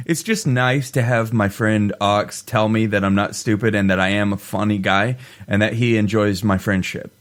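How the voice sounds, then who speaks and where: A man's voice: on the low side, steady tone, normal speed, hardly any pauses, clean tone. A man from the US Midwest co-hosting a podcast, teasing his friend and laughing often. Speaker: podcast co-host. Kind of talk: casual chat.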